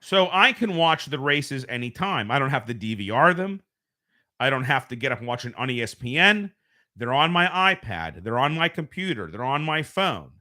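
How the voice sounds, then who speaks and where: This show host from the United States streams casually from home, speaking at normal speed in a mid-range, sing-song voice that is bright and forceful. He drifts around conversationally and corrects himself, recorded through a home streaming mic.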